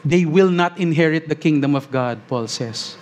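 A man preaching a sermon as pastor, earnest, slowing on key phrases and rising as he reads scripture aloud. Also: on the high side.

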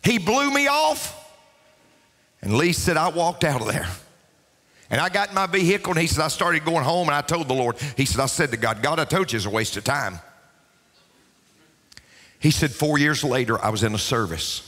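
Emphatic preacher in a reverberant church. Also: male voice, on the high side, expressive, a little fast. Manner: emphatic preaching, rising to shouts; repeats key lines for emphasis. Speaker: pastor. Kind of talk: sermon. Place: church sanctuary. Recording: long reverb of a church hall.

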